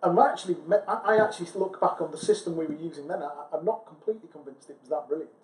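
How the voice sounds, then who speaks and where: A man with a somewhat high voice talks reflectively as a podcast co-host, working through his thoughts aloud and often restarting his sentences. The room around him carries a noticeable echo. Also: rapid-fire, darkish tone. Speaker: podcast co-host, sales recruiter. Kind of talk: casual chat. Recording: echoey room.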